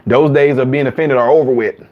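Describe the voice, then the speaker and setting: A man hosting a live chat stream, talking casually to viewers and acting out quotes in higher voices. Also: brisk, highs cut off. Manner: animated, acts out quotes in higher voices, laughs often.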